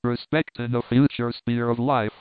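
A man voicing a solemn, trembling working-class servant who talks slowly and preachily in rough dialect. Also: medium pitch, level tone, dry recording, close to an everyday voice. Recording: dry, phone-like narrow sound.

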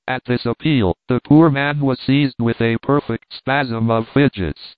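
A man reading an old sea novel aloud as an audiobook narrator, at a steady, measured pace. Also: medium pitch, smooth, dry recording. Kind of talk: scripted narration. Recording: tinny phone-like dry sound.

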